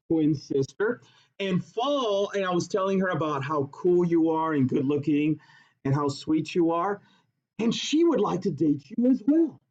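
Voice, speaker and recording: A man's voice: a little high, a little mellow. Gushing young supermodel, as a male teacher puts her on. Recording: dull lo-fi classroom recording.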